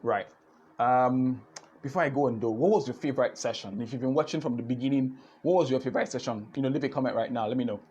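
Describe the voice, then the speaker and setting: Animated Nigerian man hosting a live stream. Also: mid-range voice, fast talker, highs cut off, a little hiss or hum. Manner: animated, repeats words, switches into pidgin. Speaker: host of an online business session. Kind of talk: lively live-stream talk.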